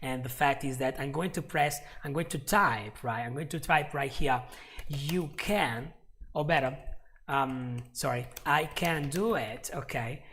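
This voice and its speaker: A man teaching a live online English lesson, chatty and laughing often, repeating example phrases slowly. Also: medium pitch, a bit bright.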